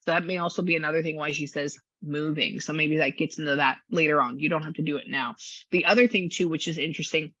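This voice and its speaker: Chatty husky-voiced woman giving a reading. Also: sits low, fast, dry recording. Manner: chatty, acts out people's lines in lively voices. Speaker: psychic medium and astrology reader. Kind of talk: casual one-on-one reading session. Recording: dull lo-fi sound.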